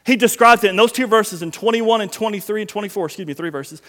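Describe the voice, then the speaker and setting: A man preaches to his congregation in a high, ringing voice, dropping low and quiet before surging into loud emphasis. He speaks straight to the listeners, asking them questions and urging them on. His words trail off into the long reverb of a big church hall. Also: quick pace. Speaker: pastor. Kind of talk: sermon. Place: church sanctuary.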